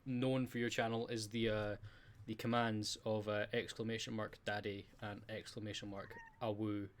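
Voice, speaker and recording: A Scottish man hosting a podcast, easygoing and quick to laugh along. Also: lowish voice, flat delivery, a little hiss or hum. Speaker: podcast host. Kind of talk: casual podcast interview.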